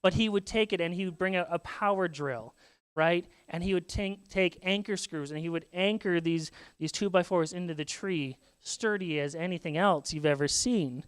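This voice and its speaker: A man's voice: high voice, normal speed, clear, resonant tone, no echo. A man in his thirties from Saskatchewan, a pastor telling family stories in a sermon and acting out children's voices. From Saskatchewan, Canada. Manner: storytelling, acts out children's voices. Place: church sanctuary.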